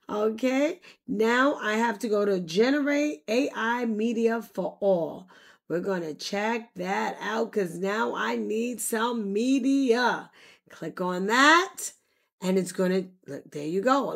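A woman demonstrating software in a casual tutorial, bubbly and quick to exclaim. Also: a little high, lively intonation, vocal fry. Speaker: content creator demonstrating software. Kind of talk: casual screen-recorded tutorial.

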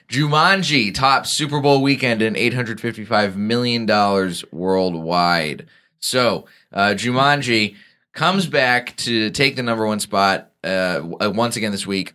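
A man's voice: mid-range voice, pushed and bright. A man hosting a podcast, chatting casually and rambling with restarts and fillers. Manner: rambling, laid-back, frequent filler restarts. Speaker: podcast host.

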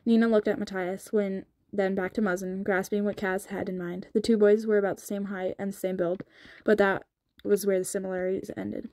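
A woman narrating a novel in a sped-up audiobook reading, with a steady delivery and small slips. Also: medium pitch, a little fast, no room sound.

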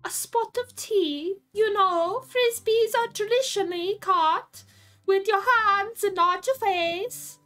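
A woman's voice: very high voice, very animated, measured pace, sharp tone, soft background music, exaggerated voice. A woman voicing a cheery middle-aged dad in an exaggerated, put-on British accent for a game.

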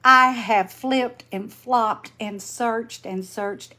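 Older woman, slow folksy livestream host, tired, slightly high voice, faint hiss behind. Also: fairly bright tone. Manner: folksy, chatty, greets viewers by name. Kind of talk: casual livestream chat while crafting.

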